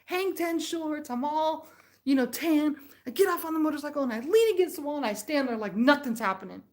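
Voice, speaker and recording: A woman's voice: high voice, animated, fast talker, darkish tone. A middle-aged woman hosting a live stream, telling a rambling story in casual chat and laughing often.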